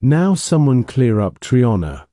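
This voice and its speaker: A man with a very dark, mellow voice joins a talk radio chat. His intonation moves up and down a lot as he makes dry, matter-of-fact quips. The sound is dry and close. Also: medium pitch, very animated, slow, dry recording.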